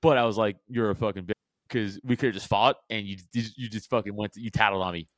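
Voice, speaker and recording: A man's voice: lowish voice, quick pace, a bit bright, dry recording. Male podcast guest, dry recording, rambling profane talker. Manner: rambling, profane, filler-heavy. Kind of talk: casual chat.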